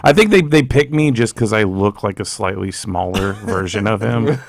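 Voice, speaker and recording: A man, a comedian guest, talking in a dry, laid-back way with a gravelly voice. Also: fairly low pitch, lively intonation, normal speed, dry recording. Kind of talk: casual chat.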